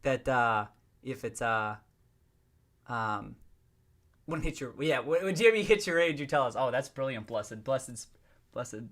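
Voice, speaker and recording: On a casual livestream, a man with a fairly bright, mid-range voice reads out and reacts to viewer comments. He's expressive and unhurried, with long pauses, chatty and playful, laughing often and restarting his sentences.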